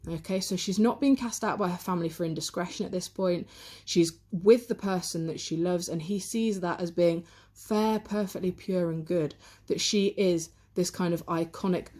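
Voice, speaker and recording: A woman's voice: lowish voice, normal speed, warm tone. A woman teacher giving a revision lesson on a poem, reading quotes aloud and explaining them in close analytical detail, recorded on a handheld camera.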